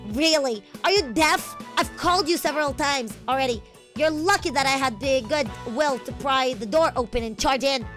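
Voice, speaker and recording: A woman voicing a fiery, bossy young woman scientist who scolds loudly. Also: very high-pitched, sing-song, very slow, soft background music, pitched above the performer's own voice, heavily acted. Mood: scolding. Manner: scolding, shouting.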